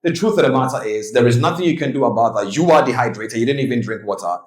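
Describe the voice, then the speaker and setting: A man's voice: medium pitch, lively intonation, quick pace. A man presents to a live audience in a hall, with a voice set in the middle of the male range. He tells stories and keeps checking that the crowd is following. The room gives his voice a roomy, echoing sound. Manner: storytelling, engages audience with questions. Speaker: speaker on trading psychology. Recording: roomy echo.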